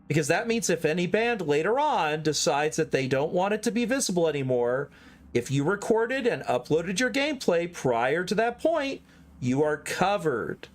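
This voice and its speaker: Southern guy streaming a game, high bouncy voice, chats with viewers. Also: big pitch swings, moderate pace. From American South. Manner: chatty, talks straight to chat. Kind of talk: casual gameplay commentary.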